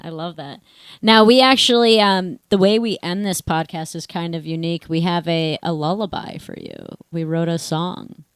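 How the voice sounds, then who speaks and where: A woman co-hosting a podcast, agreeable and quick with a yeah while she leads the interview. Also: fairly low pitch, fairly even intonation, smooth, dry recording. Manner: agreeable, many quick yeahs. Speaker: podcast co-host.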